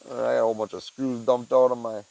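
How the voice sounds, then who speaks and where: A man's voice: mid-range voice, little pitch movement, very fast, gravelly, warm tone, a little hiss or hum, poor audio. A young man vlogging casually while he works on a chicken feeder, rambling and saying "dude" and "man" a lot, on a wearable mic. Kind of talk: casual chat while working. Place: backyard with chicken coop and tool bench.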